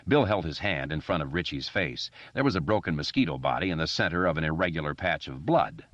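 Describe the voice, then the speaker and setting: A man narrating a novel as an audiobook reader, expressive and doing voices for the characters. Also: very deep voice, fast, no echo, lo-fi sound. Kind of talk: scripted narration.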